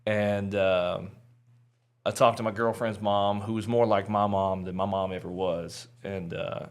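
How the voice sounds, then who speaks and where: A man's voice: on the low side, level tone, unhurried, smooth. A man guest on a podcast, telling his personal testimony in an earnest, candid, chatty way with frequent fillers.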